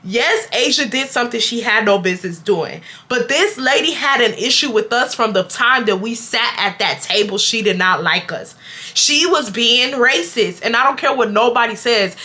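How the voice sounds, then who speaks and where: A young woman vlogger telling a storytime straight to her viewers, animated and full of slang. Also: a little high, moderate pace. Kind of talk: storytime chat to camera.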